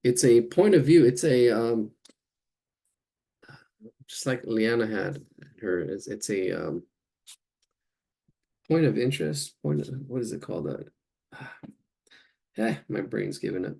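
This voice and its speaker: A man's voice: on the low side, animated, takes it slowly, gravelly, long pauses, dark tone, husky. A man teaching a live painting class, thinking aloud as he works and searching for words. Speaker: art instructor.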